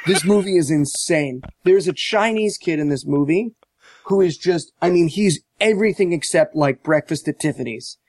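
Animated high-voiced man mocking a movie. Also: moderate pace. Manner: animated, profane, mocking storyteller. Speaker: podcast host recapping a movie. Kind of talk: casual chat.

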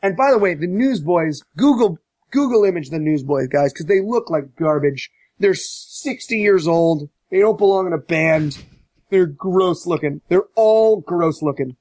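A man's voice: high-pitched, lively intonation, measured pace, dry recording. A man ranting sarcastically and profanely about a movie in a casual podcast chat, acting out quotes. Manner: sarcastic, profane, mocks quotes with shouted voices.

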